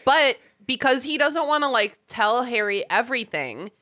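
Bright-voiced woman podcast host. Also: fairly high pitch. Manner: animated, swearing, quick asides. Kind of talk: casual podcast chat.

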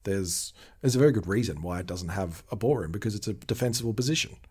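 A man hosting a relaxed podcast conversation, talking his points through at length. His voice sits somewhat low, and he laughs easily between thoughts. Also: fast, slightly rough. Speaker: podcast host. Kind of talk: casual podcast chat.

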